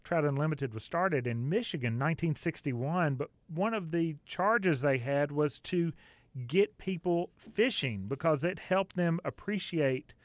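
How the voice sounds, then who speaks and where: A man's voice: on the high side, a little slow, no room sound. A man co-hosting a radio show in a studio, talking casually and rambling a little with fillers.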